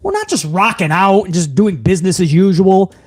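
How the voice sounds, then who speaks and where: A wrestling commentary streamer reads out viewer messages on his live stream, hyped, emphatic and profane. His voice sits high and moves fairly quickly.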